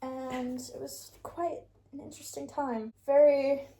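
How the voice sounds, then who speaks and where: A young woman with a British accent hosts a casual chat. Her voice sits fairly high. She tells long stories and laughs often. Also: little pitch movement, unhurried, warm tone, echoey room. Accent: British English. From England. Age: young adult. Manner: chatty storytelling, laughs often. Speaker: podcast host.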